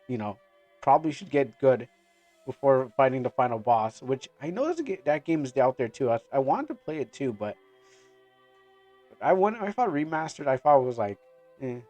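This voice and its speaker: A man's voice: mid-range voice, darkish tone. A man streaming a game, rambling through casual commentary with lots of fillers and restarts. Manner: rambling, many fillers and restarts, laughs often. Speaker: gaming streamer.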